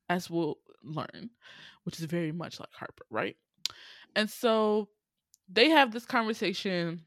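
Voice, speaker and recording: A woman giving a casual movie recap, animated and profane, laughing often. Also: lowish voice, unhurried, no room sound.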